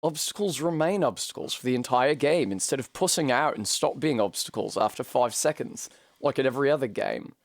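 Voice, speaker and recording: A man streaming a game live, animated and swearing freely between bursts of laughter. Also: mid-range voice, a little fast, dry recording, clean studio sound. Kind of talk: live gameplay commentary.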